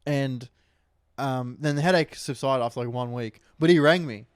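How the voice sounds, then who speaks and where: A man's voice: medium pitch, moderate pace, smooth, no room sound, studio quality. A young man, co-hosting a casual podcast and telling stories with a lot of energy. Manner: animated storytelling with put-on doctor voice. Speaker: podcast co-host. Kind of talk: casual chat.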